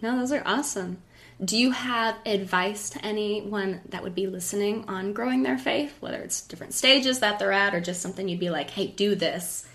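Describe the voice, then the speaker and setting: A woman's voice: medium pitch, a little fast, fairly bright tone. A woman hosting a casual faith conversation, encouraging and asking reflective questions. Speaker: podcast host.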